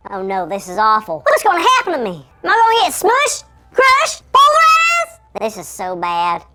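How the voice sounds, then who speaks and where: Squeaky chipmunk-voiced shrunken host. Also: female voice, huge pitch swings, moderate pace, heavily acted. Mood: panicked. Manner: frantic and exclamatory.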